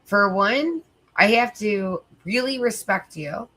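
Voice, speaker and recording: A woman's voice: mid-range voice, lively intonation, takes it slowly, sharp tone. A tired woman hosting a livestream, chatting casually with viewers in a rambling way, full of fillers and swearing. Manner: rambling, filler-heavy, profane. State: sleepy, tired. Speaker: livestream host.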